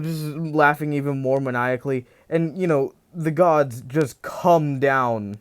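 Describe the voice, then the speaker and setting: Guy slowly rambling through a fan story, lots of you-knows. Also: on the high side, smooth. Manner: rambling, full of "you know" and restarts. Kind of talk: casual spoken storytelling.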